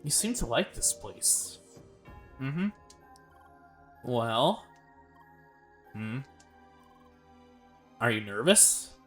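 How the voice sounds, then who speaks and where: Man, let's play host, reads game dialogue aloud, plain delivery, chats between lines, middle pitch, faint music behind. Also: very animated, very slow, long pauses, fairly bright tone.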